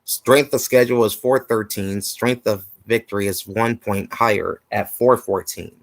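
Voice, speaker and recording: A man's voice: mid-range voice, no room sound, low-quality recording. A man hosting a sports show, steadily reading playoff standings and stats and sounding slightly tired. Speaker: host.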